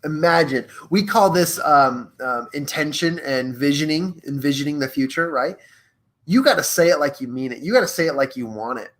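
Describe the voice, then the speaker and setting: A young man hosting a live coaching stream, energetic and playful, reading passages aloud and chatting directly to his viewers. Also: fairly high pitch, moderate pace. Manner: energetic, playful, reads aloud from a book and retells movie scenes. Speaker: host of a live social media show.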